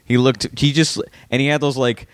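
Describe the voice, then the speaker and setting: Animated man in casual podcast chat. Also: medium pitch, clean tone. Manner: animated storyteller, quick bursts, acts out quotes. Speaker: podcast co-host.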